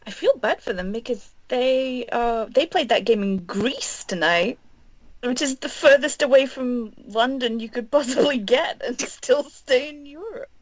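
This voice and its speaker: A woman's voice: on the high side, a little slow, no room sound, rough recording. A woman co-hosting a casual football podcast, teasing and laughing with playful questions. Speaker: podcast co-host.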